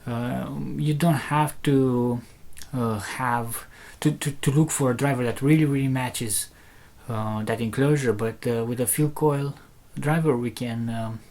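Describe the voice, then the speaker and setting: A man's voice: mid-range voice, steady tone, a little slow, a little mellow. Hesitant man explaining speaker tech. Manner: hesitant, many fillers and restarts, explains step by step. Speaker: loudspeaker maker demonstrating a driver. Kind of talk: casual technical demonstration.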